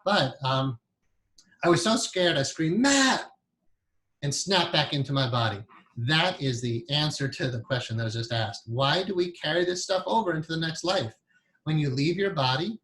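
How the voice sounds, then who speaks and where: A hypnotherapy teacher gives his class a casual, rambling lecture, chatty and full of fillers and self-corrections. His voice is mid-range and a bit bright.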